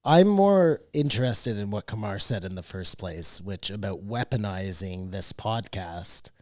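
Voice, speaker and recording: A man co-hosting a podcast in casual chat, arguing his points with halting restarts. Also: fairly low pitch, animated, a little mellow, dry recording, studio quality. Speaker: podcast co-host.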